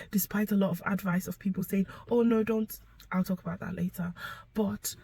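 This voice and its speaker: A young woman telling a painful personal story to camera, emotional and halting, sometimes sinking to a whisper. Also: mid-range voice, husky, low-quality recording. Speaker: vlogger sharing her story.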